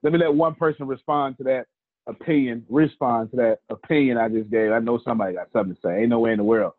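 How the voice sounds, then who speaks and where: A man's voice: mid-range voice, fast talker, no echo. A man hosting a motivational group talk, preachy and playful, repeating words for emphasis. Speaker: host. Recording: tinny phone-like line.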